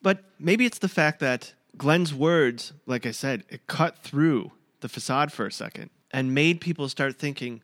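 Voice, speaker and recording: A man's voice: medium pitch, unhurried, hardly any pauses, fairly bright tone, dry recording. Thoughtful man in dry podcast talk. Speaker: podcast co-host. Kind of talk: casual book and show discussion.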